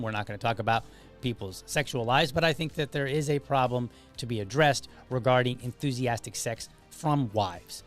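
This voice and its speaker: Guy hosting his own podcast, mid pitch, rambles and restarts a lot, faint music under him. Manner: conversational, with frequent restarts and asides. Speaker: podcast host. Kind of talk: casual solo commentary.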